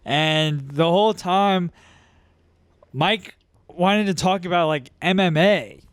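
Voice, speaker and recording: A man co-hosting a casual podcast, dropping dry, deadpan quips. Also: high voice, takes it slowly, smooth, dry recording. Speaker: podcast co-host. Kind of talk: casual chat.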